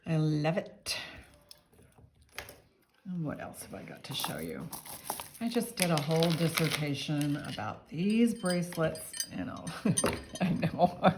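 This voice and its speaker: A woman's voice: deep voice, very animated, slow, pauses often, noisy background. A middle-aged woman hosting a casual jewelry-selling vlog, chatty and rambling, with a slightly irritated edge. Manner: chatty, rambling with many ums, a bit irritated. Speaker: jewelry seller and channel host.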